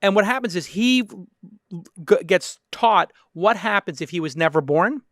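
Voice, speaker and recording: A man hosting a podcast interview, retelling a film scene as an animated storyteller. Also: sits high, measured pace, no echo, studio quality. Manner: animated storyteller, acts out quotes. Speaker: podcast host. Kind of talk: casual interview chat.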